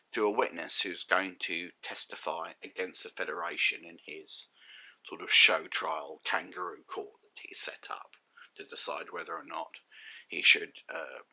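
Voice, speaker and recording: A man delivers a spoken critique in a sardonic, exasperated tone, piling up rhetorical questions. His voice is fairly low yet very bright and cutting. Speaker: critic and reviewer. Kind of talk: spoken review commentary.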